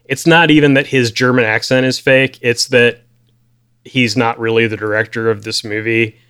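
A man's voice: medium pitch, normal speed, clear, resonant tone. A man casually talking through a film on a podcast, rambling with lots of fillers. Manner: relaxed, rambling, frequent fillers.

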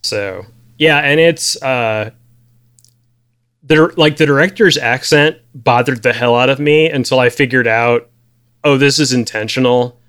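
A man chats loosely about a film with a podcast co-host, his sentences wandering and full of fillers. His voice is smooth and clear, at an ordinary pitch for a man. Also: measured pace. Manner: relaxed, rambling, frequent fillers. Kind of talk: casual film discussion.

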